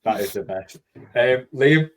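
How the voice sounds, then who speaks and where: A man's voice: medium pitch, expressive. Man, podcast host, chatty, laughs a lot, teasing. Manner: chatty, laughs often, quick to tease. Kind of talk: casual chat.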